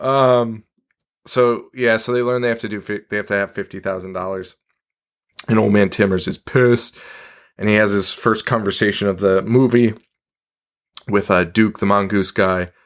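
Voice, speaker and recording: A man co-hosting a podcast recaps a movie in casual chat, his fairly low voice steady and clean at a normal speed. He swears often, laughs a lot, and acts out lines from the film.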